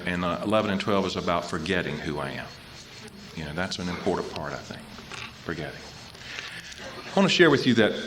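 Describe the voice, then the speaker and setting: A man's voice: fairly low pitch, background noise. A man speaking at a recovery convention, telling his story and repeating phrases to drive them home. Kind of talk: personal recovery talk. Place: convention hall.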